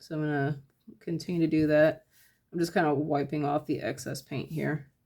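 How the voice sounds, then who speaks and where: A woman giving a casual step-by-step painting tutorial, talking her process through in a relaxed, thinking-aloud way with lots of fillers. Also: low voice, moderate pace. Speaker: painting instructor.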